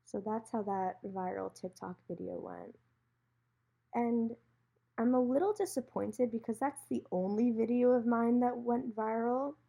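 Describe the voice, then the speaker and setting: A woman's voice: on the high side, unhurried, gravelly, breathy edge. A young woman hosting her own podcast, telling a story alone and acting out the lines of the people in it. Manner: animated storyteller, acts out quoted lines. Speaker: podcast host.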